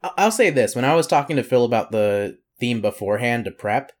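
Animated young man rambling casually. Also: medium pitch, fairly quick. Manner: rambling, lots of "like" fillers, laughs often. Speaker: podcast co-host. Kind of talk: casual comedic chat.

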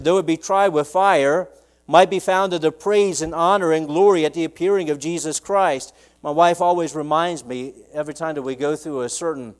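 A man preaching from the pulpit in a church, his voice sitting a little high for a man. He acts out desperate prayers with sudden rises in pitch and force, then settles low and quiet to explain the scripture. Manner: preaching with dramatic acted-out prayers, voice rising sharply when quoting. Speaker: pastor. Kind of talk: sermon.

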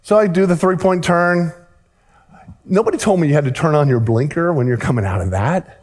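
Animated male pastor in reverberant hall. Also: fairly high pitch, a little fast. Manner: animated, acts out dialogue in the story. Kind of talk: sermon storytelling.

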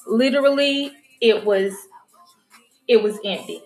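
A woman's voice: medium pitch, expressive, moderate pace. A woman vlogging casually to her viewers, frank and chatty, swearing freely as she talks straight to them. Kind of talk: casual chat to camera. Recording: roomy echo with faint music.

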